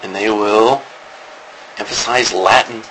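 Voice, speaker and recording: A man's voice: on the low side, steady tone, slow pace, a bit bright, slight background noise, poor audio. A man teaching a class on biblical Greek, rambling with many ums and restarts. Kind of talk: classroom lecture.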